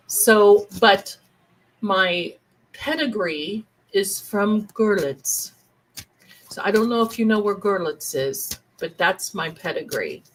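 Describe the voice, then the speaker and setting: A middle-aged woman hosting a livestream, telling a family story in a chatty, animated way and acting out the relatives she quotes. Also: mid-range voice, slow pace, low-quality recording. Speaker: livestream host, tarot reader.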